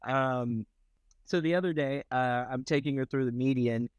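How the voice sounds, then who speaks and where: A man's voice: mid-range voice, normal speed, smooth, no echo. A man in his thirties, a podcast guest, telling a rambling anecdote in casual chat with lots of filler words. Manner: rambling anecdotal storytelling with many "like"s.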